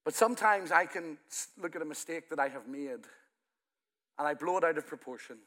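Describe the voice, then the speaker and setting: A man from Ireland, the pastor of the church, preaching a sermon that swells loud in places and then falls to a quiet, intimate tone. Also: on the high side, a little fast. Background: soft music from the church band.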